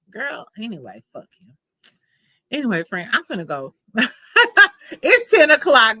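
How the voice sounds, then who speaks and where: A young adult woman hosting a casual livestream chat, telling stories in a candid, profane, animated way. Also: fairly high pitch, dry recording. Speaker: livestream host.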